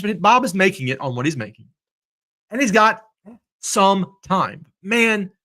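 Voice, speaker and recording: A man's voice: a little high, pushed and bright. A middle-aged man hosting a livestream talk, emphatic and jokey, speaking to his viewers in the chat. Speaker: host.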